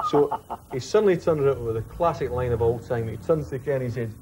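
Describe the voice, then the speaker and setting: Ex-footballer, lively storyteller, mid-pitched, slight background hiss. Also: male voice, fast talker. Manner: animated, mimics others while telling a story. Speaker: former footballer guest. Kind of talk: storytelling anecdote.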